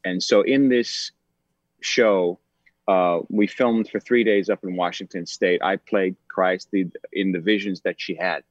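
An actor in his forties appears as a guest in a casual podcast interview, thoughtful and full of ums and restarts. His voice is low with fairly even intonation and an unhurried pace, recorded with no echo but a dull, slightly lo-fi sound.

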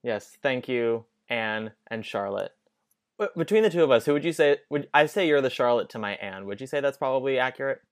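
A man's voice: mid-range voice, lively intonation, brisk, smooth. A man co-hosting a podcast in casual banter, with wry, self-deprecating quips. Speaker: podcast co-host.

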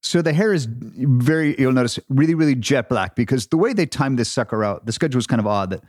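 A man's voice: medium pitch, quick pace, no room sound. Self-mocking man telling set stories. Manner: animated, self-deprecating storyteller. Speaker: podcast co-host, actor. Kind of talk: casual podcast chat.

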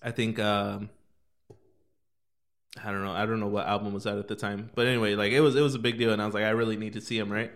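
A man in casual conversation, spinning a story with loose, excitable energy and plenty of swearing. He talks in a relaxed, everyday way and laughs through the funny parts. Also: lowish voice, fast, pauses often. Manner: animated storyteller, swears freely, laughs while telling. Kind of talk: casual podcast chat.

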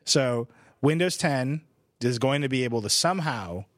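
A man's voice: medium pitch, expressive, moderate pace. A man hosting a casual tech podcast, rambling and laughing a lot. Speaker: podcast host. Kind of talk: casual chat.

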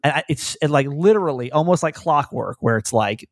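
A man hosting a podcast in casual chat, candid and rambling, with animated retellings. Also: a little high, fairly quick, no echo, clean studio sound. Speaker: podcast host.

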